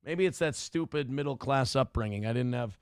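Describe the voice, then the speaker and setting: A man's voice: medium pitch, normal speed, vocal fry, smooth, no echo, studio quality. A middle-aged man hosting a livestream, reading chat comments and ranting bluntly with frequent swearing. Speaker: streamer host reading chat.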